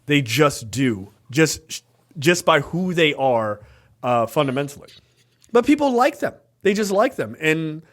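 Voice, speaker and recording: Podcast co-host, man, slightly high voice, loose and profane, laughs easily. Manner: animated, swearing, laughs often. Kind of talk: casual movie chat.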